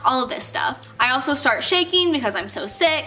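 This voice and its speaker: Speaking briskly with few pauses, this young vlogger shares work stories with her camera in a high, expressive, pushed and bright voice. She's chatty, says "like" a lot, and acts out quoted voices over faint background music.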